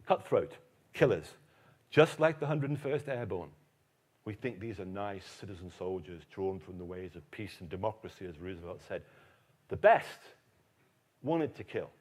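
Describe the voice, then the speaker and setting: A man from Britain giving a keynote history lecture, telling anecdotes in a lively, animated way. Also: sits low, normal speed.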